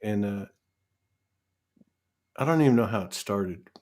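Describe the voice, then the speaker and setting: A man's voice: lowish voice, lively intonation, measured pace, a little mellow. A man hosting a casual spiritual talk show, rambling and restarting as he tells stories and laughs along. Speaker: host.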